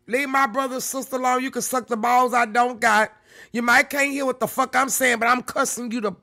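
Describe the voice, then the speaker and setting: A woman's voice: on the high side, pushed and bright. Blunt, profane woman streamer talking to her chat. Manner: blunt, profane, talks straight to her viewers. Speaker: livestream host. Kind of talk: casual livestream chat.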